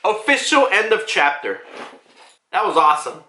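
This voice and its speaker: An excitable man recaps a manga chapter in a loose, swearing, laughing way. His voice is high, bright and animated. A roomy echo surrounds it. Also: normal speed. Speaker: manga reviewer.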